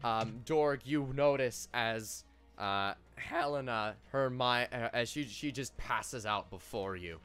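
A man's voice: mid-range voice, slow, a bit bright, soft background music. A man narrating as game master of a tabletop game, loose and joking, with many fillers.

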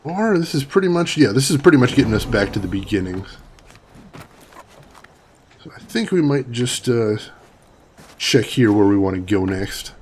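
A man's voice: medium pitch, animated, normal speed, pauses often, slight background noise. A man casually commenting on his game while chatting with viewers and laughing often. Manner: chatty, reads chat aloud, laughs often. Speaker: gaming streamer. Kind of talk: casual let's-play commentary.

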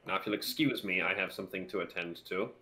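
A man's voice: low-pitched, quick pace, pushed and bright. A man voicing an aloof, solemn male goblin mystic. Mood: weary.

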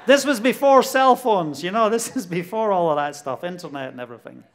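A middle-aged man with a Glasgow Scottish accent gives a testimony sermon, telling a story with lively bursts and acting out dialogue. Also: high voice, a little fast. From Scotland. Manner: animated storytelling, laughs often, acts out dialogue. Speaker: preacher.

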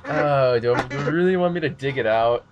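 A man's voice: medium pitch, normal speed, highs cut off, over music. A man hosting a podcast, rambling casually in a laid-back way. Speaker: podcast host. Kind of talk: casual chat.

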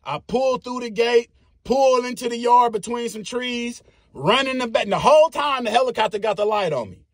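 A man, telling a story casually in a very high, husky voice. He talks in an animated, profane way and makes his own sound effects. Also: moderate pace, no echo, studio quality.

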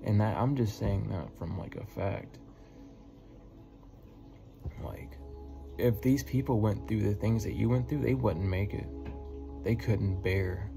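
Low-voiced guy, bit gravelly, earnest spiritual pep talk to his viewers, curses casually, music going behind him. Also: slow, pauses often. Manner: earnest and encouraging, repeats words, casual swearing. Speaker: spiritual healer giving messages. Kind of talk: heartfelt spiritual message to viewers. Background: music playing.

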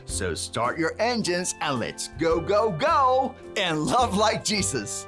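Bouncy, slow-talking children's presenter man. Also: sits high, sing-song, a bit bright, soft background music. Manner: bouncy, exaggerated, cheering with the kids. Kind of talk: energetic preschool Bible lesson.

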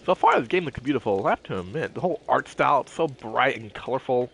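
A man's voice: mid-range voice, expressive, fast, gravelly, a bit bright, slight background noise. A man giving casual let's-play commentary, playful and jokey, talking to himself as he explores. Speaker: gameplay commentator.

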